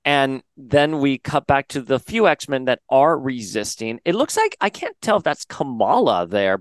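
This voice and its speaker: A man's voice: medium pitch, very animated, a little slow, hardly any pauses, no echo. A man hosting a podcast, casually recapping a comic story and paraphrasing the characters' lines in a chatty way. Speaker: podcast host.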